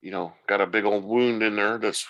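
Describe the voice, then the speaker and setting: A man's voice: fairly low pitch, fairly even intonation, normal speed, a bit bright, highs cut off. A man hosting a podcast, retelling the plot loosely in a casual recap and thinking aloud as he goes. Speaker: podcast host.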